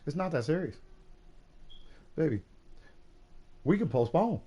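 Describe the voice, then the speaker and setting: A man streaming, chatting casually about a movie in an animated, profane way, going from quiet to loud and laughing often. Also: on the high side, unhurried, long pauses, slight background noise. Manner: laughs often while talking. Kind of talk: casual chat.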